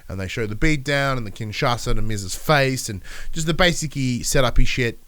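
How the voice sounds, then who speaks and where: Sick aussie guy, stuffy nose, smooth voice, rambly and sweary solo podcast. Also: mid-range voice, normal speed, pushed and bright. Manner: rambling, swears, acts out wrestlers' lines. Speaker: podcast host. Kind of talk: solo casual recap.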